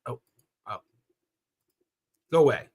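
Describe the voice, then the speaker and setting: A man's voice: slow pace, darkish tone. A man from Southern California hosting a genealogy livestream, talking casually and rambling with fillers and self-corrections as he answers viewer questions.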